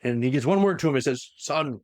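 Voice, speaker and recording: A man's voice: medium pitch, lively intonation, racing, a little mellow, dry recording, studio quality. A young man co-hosting a podcast, casually retelling a story and acting out the quoted lines in funny voices. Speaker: podcast co-host.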